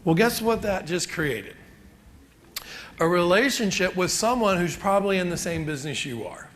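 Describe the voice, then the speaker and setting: A man's voice: sits high, animated, normal speed, a bit bright, a little hiss or hum. A middle-aged man giving a chatty, joking real estate seminar, asking the audience questions. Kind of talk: live seminar talk to an audience.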